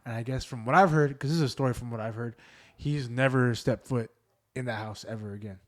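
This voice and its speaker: A male podcast host speaks fairly quickly at medium pitch as he loosely tells family ghost stories, leaning on lots of fillers in a casual chat.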